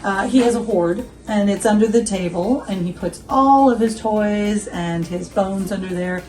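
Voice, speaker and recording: Casual, giggly woman host chatting through a coffee review at home, with soft music under her voice. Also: medium pitch, moderate pace, rough recording. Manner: chatty and giggly, quizzes viewers, asides to her dog.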